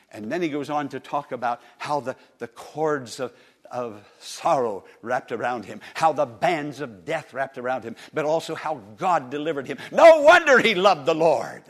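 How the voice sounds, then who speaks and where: A man preaching a sermon to a congregation, with impassioned swings in volume and repeated words. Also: a little high. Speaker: pastor. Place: church service.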